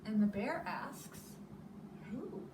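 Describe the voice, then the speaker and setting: A woman preschool teacher reading a children's story aloud in an animated, sing-song way. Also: on the high side, slow pace. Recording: echoey room, distant mic, noisy.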